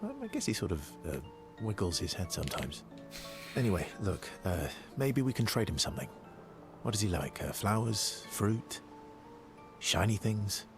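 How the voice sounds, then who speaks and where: A man's voice: on the low side, expressive, normal speed, music in the background. An actor voicing a hesitant, dry-witted young male companion in a video game, stammering a little. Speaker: game character.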